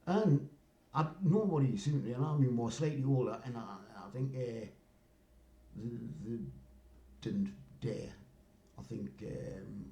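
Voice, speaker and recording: A man's voice: mid-range voice, a little slow, mellow. An older man, rambling through a casual story and often asking "you know what I mean". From North East England. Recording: roomy echo.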